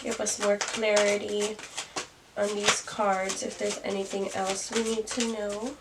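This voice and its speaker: A woman's voice: medium pitch, completely flat delivery, a little slow. A young woman doing a casual tarot reading to camera, musing aloud and laughing at herself. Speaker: tarot reader. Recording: distant mic, faint noise.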